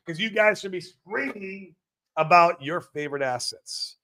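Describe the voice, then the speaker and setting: A man hosting a casual crypto livestream, brash and profane, swinging between loud hype and mumbled asides as he reads chat comments. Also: high voice, moderate pace.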